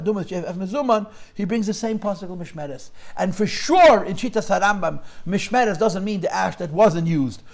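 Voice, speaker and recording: Man, Torah class lecture, high voice, questioning. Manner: mixes English with Yiddish and Hebrew terms, questioning. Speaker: Talmud class teacher.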